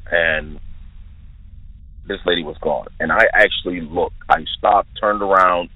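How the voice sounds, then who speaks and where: Deep husky man on a tinny phone line. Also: measured pace, dry recording. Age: 20s. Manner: careful, detailed, earnest storytelling. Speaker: listener sharing an encounter. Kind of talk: recounting a personal eerie experience.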